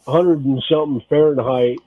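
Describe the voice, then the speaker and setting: A man's voice: medium pitch, fairly even intonation, brisk, narrow, tinny audio, a crowd in the background. A man chatting casually with friends, giving short laid-back replies. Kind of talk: casual chat.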